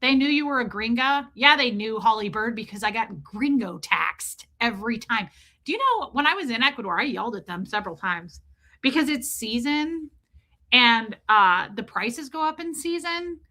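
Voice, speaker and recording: A woman hosting a livestream, telling a comic story in a casual, profane, animated way and calling out viewers in the chat by name. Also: fairly high pitch, moderate pace. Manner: animated, profane, ranting, reads chat names aloud. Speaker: livestream host.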